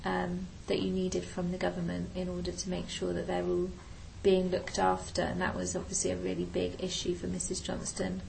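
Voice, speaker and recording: A woman's voice: lowish voice, completely flat delivery, normal speed, gravelly, few pauses, darkish tone, slight background noise, poor audio. A woman teacher adding points to a lesson discussion, hesitant with many ums. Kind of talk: recorded literature lesson discussion.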